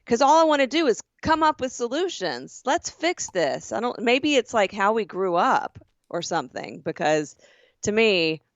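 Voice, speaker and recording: A woman's voice: mid-range voice, no room sound, lo-fi sound. A woman with a Southern American accent, co-hosting a comedy podcast and telling a story with acted-out voices. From Southern United States. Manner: animated storyteller, acts out voices. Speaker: podcast co-host. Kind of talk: casual comedy chat.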